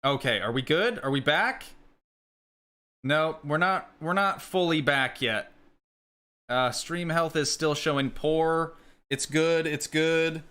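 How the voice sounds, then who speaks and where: Male streamer, relaxed gameplay commentary, rambles and reads chat, bright edge to the voice. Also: fairly high pitch, takes it slowly, smooth. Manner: chatty, rambling, answers chat questions. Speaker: live streamer.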